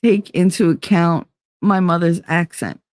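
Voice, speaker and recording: A woman's voice: lowish voice, fairly even intonation, unhurried, a little mellow, no room sound, clean studio sound. A woman with a New Jersey accent, tired from lack of sleep, chatting casually and profanely with her live chat and drifting off topic. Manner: rambling, profane, easily sidetracked. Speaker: livestream host.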